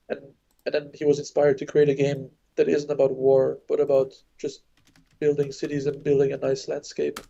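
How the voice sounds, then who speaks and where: A man with a French accent talks through a live board game match, loose and unhurried, often restarting his sentences. His voice is dark and gravelly with a flat, even pitch, and the recording sounds a little dull and lo-fi. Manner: relaxed, thinks aloud with restarts. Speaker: co-commentator.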